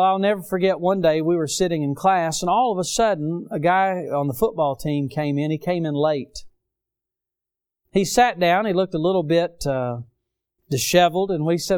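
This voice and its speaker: Middle-aged guy preaching, kinda high clear voice, gets loud then drops way down. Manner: preaching with dramatic rises and drops in volume. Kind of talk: sermon.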